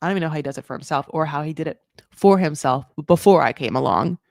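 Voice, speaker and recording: A woman doing a casual live recap of a reality show, chatty and animated, swearing freely and filling her talk with "like" and "um". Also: deep voice, quick pace, gravelly, dry recording, clean studio sound. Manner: chatty, animated, swears, many likes and ums.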